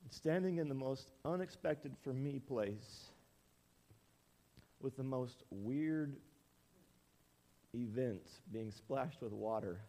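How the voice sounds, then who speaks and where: A man's voice: medium pitch, slow, long pauses. A male pastor in his forties preaching a storytelling sermon in a church, acting out quotes as he goes. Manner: animated storytelling, acts out quotes.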